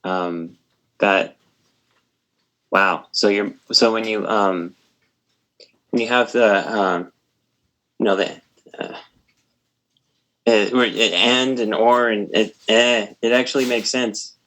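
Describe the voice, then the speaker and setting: A man, a student, speaking up in class in a halting way, full of ums and restarts. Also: fairly low pitch, fairly even intonation, fairly bright tone.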